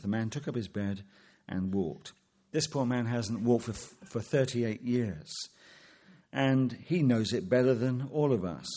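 A man's voice: fairly low pitch, a little mellow. A man preaching an expository sermon, asking rhetorical questions and quoting scripture.

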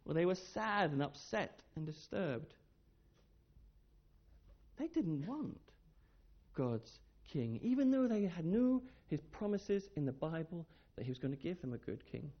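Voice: mid-range voice, unhurried, dull audio. A speaker giving a children's talk in church, telling a Bible story and asking the children questions. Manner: lively, asks the children questions. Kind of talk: children's sermon.

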